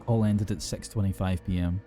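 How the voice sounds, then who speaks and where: A man narrating a horror story in a grave, measured, scripted way. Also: deep voice, steady tone, warm tone, faint music behind.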